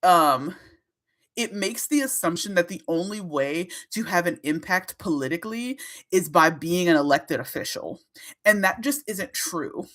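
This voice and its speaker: A woman hosting her own livestream, talking straight to her chat in a casual, animated way, laughing often and swearing freely. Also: fairly low pitch, a little slow. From Minnesota. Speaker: livestream host.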